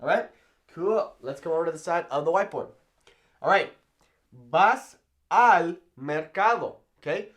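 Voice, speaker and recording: Lively man teaching at a whiteboard. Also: sits high. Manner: animated, repeats "okay?" often, slows down on example phrases. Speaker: Spanish teacher. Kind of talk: whiteboard language lesson. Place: classroom-style room with whiteboard.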